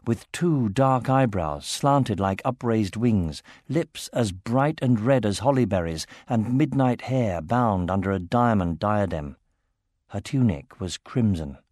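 A man narrating a fantasy novel in a steady, measured reading voice. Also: fairly low pitch, no echo, clean studio sound.

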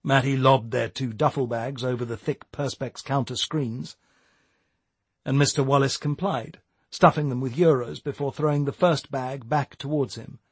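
Husky male audiobook narrator. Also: medium pitch, no echo. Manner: steady, measured storytelling. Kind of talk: scripted narration.

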